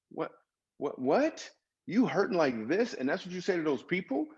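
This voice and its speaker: A man's voice: sits high, very animated, normal speed, darkish tone, husky, dull audio. A man guest on a podcast, a comedian and author, telling personal stories in an earnest, dramatic way with emphatic swings. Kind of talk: storytelling interview.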